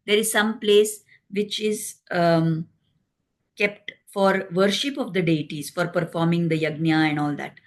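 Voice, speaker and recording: Gentle woman retelling a sacred epic. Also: on the low side, fairly even intonation, unhurried. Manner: gentle, explanatory, acts out quoted dialogue. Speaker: storyteller. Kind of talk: devotional storytelling.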